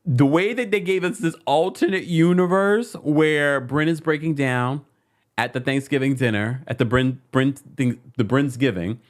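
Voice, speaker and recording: A man hosting a casual reality TV recap, chatty and animated, repeating phrases for emphasis. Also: mid-range voice, moderate pace.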